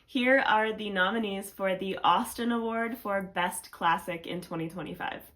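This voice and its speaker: A woman's voice: medium pitch, moderate pace, fairly bright tone. A woman appearing as a guest presenter, dry and self-deprecating as she reads the nominees. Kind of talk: casual chat.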